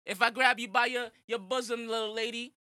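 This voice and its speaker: A man's voice: very high voice, steady tone, brisk, pushed and bright, no echo, clean studio sound, voice pushed up, exaggerated voice. A man putting on the voice of a sleazy older Italian man, smarmy and drawn out.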